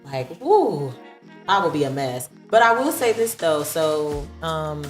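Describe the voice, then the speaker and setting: A woman's voice: sits low, very animated, slow, faint music behind. A woman hosting a podcast, chatting expressively, swearing casually and laughing while she talks. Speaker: podcast host. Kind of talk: casual chat. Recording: echoey room.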